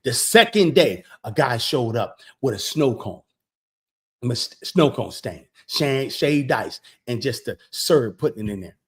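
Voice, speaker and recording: Speaking a little slowly in a mid-range voice, a man vlogs an animated, casual story. He narrates conversations with plenty of "I said, he said" and repeats words as he gets worked up.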